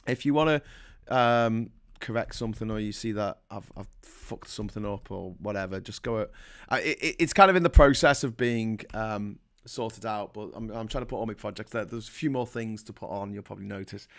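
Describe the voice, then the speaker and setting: With a lowish voice and fairly quick pace, a middle-aged Liverpool man hosts a casual stream from England. He swears constantly, rants sarcastically, and reads chat messages aloud.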